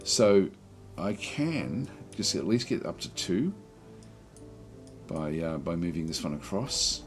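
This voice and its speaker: Low-voiced male let's-player, thinks aloud, halting delivery, faint music behind. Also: big pitch swings. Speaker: game commentator. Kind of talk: strategy game let's play commentary.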